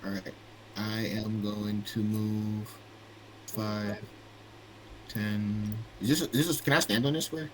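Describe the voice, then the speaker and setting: A man's voice: lowish voice, fairly even intonation, slow, pauses often, a bit bright, a little hiss or hum, low-quality recording. A man playing a tabletop game over voice chat, asking hesitant questions with restarts. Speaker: player.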